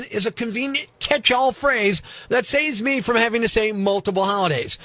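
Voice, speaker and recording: A man's voice: very high-pitched, expressive, normal speed, pushed and bright, dry recording. A man hosting a morning rock radio show, delivering a sarcastic, punchy rant from a studio. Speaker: radio host.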